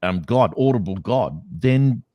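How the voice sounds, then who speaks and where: A man's voice: fairly low pitch, expressive, measured pace, no echo, lo-fi sound. A man co-hosting a podcast, talking skeptically in a casual debate with many restarts. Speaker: podcast co-host.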